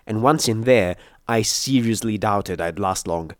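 A man reading an action story aloud in first-person narration, with steady, dramatic storytelling. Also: lowish voice, unhurried, dry recording, studio quality. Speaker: audiobook reader.

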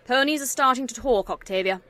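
A woman voicing an anxious, pushy older mare mother, speaking in a louder, insistent way. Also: on the high side, a little fast.

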